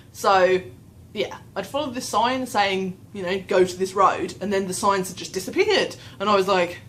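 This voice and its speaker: A young woman tells a rambling, self-mocking story to her camera, her higher voice swinging widely as she acts out her own panicked thoughts. Faint background noise sits under the recording. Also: rough recording. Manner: rambling, self-mocking, animated retelling with quoted inner voice. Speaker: vlogger. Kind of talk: casual storytelling vlog.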